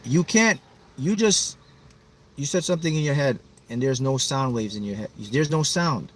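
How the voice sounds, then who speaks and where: With a medium pitch, a slightly bright tone, lively intonation and a moderate pace, a man leads a motivational livestream as a manifesting coach. He keeps pumping up his viewers through emphatic repetition.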